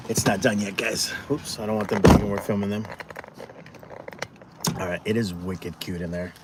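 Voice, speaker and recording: A man's voice: on the low side, fairly even intonation, moderate pace. A man chatting casually to viewers on a live food vlog, rambling with asides to his dog, outdoors and in his car. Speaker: food vlogger. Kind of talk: casual live-stream chat. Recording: noisy outdoor traffic background.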